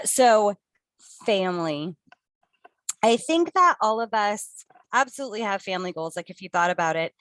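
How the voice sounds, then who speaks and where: A woman's voice: mid-range voice, a bit bright, no echo. Reflective woman, dry close sound. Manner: conversational, reflective, talks to the audience. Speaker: co-host presenter. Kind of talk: motivational talk.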